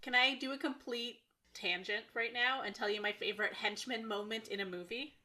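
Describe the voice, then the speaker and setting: A woman with a bright, fairly high voice co-hosts a film podcast. She speaks with enthusiasm and tells stories about scenes she loves. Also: fairly quick. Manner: enthusiastic, storytelling. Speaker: podcast co-host. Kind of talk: casual chat.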